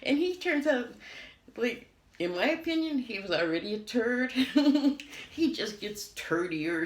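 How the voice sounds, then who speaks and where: A woman's voice: fairly high pitch, big pitch swings, unhurried. An American woman giving a casual TV review, rambling and laughing often. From United States. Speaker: TV critic. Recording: roomy echo.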